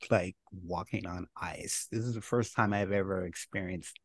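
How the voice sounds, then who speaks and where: Speaking at a moderate pace in a low voice, this middle-aged guest tells his life story casually and with animation, often laughing at what he remembers.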